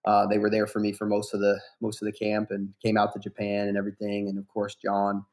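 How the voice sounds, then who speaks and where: A man's voice: lowish voice, fairly quick. Easygoing man rambling with fillers. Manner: relaxed, rambling, many fillers and restarts. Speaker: guest fighter. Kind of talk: casual podcast interview.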